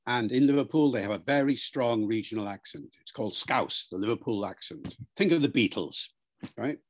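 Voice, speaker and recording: A linguistics professor talks through an interview in a measured, lecturing manner. He stops now and then to say sounds aloud as examples. His voice sits at an ordinary male pitch. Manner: lecturing, demonstrates pronunciations aloud. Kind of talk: explanatory interview talk.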